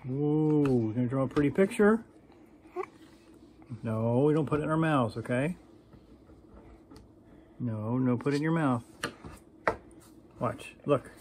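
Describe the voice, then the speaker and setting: A man's voice: mid-range voice, takes it slowly, pauses often, darkish tone, slight background noise. A grandfather in a casual home video, playfully coaxing and warning small grandchildren. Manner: playful, coaxing, warns the kids.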